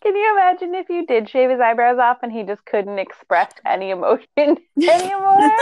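A woman hairstylist chatting casually, her voice sitting a little high. She talks bluntly, swears freely and keeps breaking into laughter. The sound is dry and close. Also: very animated, normal speed, darkish tone, no room sound. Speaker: mother. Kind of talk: casual chat.

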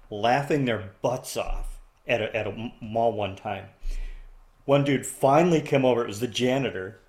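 A man in casual conversation, an animated storyteller who laughs often and jumps into loud, excited voices when quoting. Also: mid-range voice. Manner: laughs often while talking.

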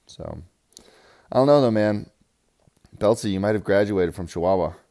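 A young man giving a profane, rambling fantasy football recap, swinging from loud hype to low mumbles. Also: brisk. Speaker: fantasy football league player.

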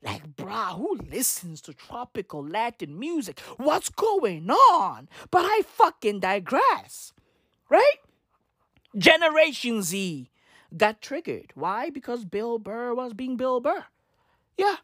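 A woman's voice: big pitch swings, slow, fairly bright tone, no echo, studio quality. A woman vlogger delivering a profane, mocking comedic rant to camera. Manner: profane, mocking, with exaggerated pitch swings.

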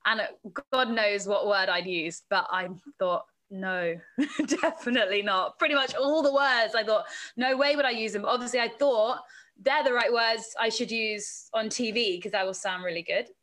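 Bright-voiced chatty woman. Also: fairly high pitch, normal speed. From England. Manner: chatty, laughs often, acts out quoted voices. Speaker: sports presenter and reporter, podcast guest. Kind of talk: casual interview answers.

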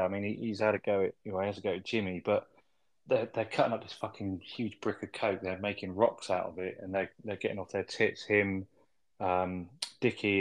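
A man co-hosting a casual film review podcast, recapping scenes in a rambling, sweary way with tag questions. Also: fairly low pitch.

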